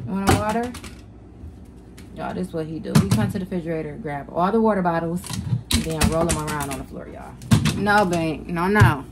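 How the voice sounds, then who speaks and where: A woman's voice: on the low side, brisk, very noisy. A young woman vlogging from home, chatting to viewers in a casual, talkative way and calling them y'all. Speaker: vlogger mom. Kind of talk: casual home vlog talking to camera. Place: home kitchen and living room.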